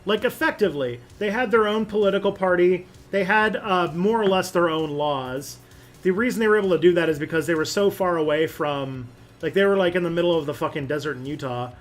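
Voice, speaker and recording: A man's voice: high-pitched, fairly quick. A man hosting a casual livestream and answering chat questions, rambling with lots of fillers and restarts.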